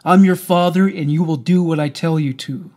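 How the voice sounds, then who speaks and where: A man's voice: a little high, normal speed, dark tone, lightly acted. A man voicing a crude, menacing stepfather. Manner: threatening and crude. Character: coarse, menacing male stepfather, middle-aged.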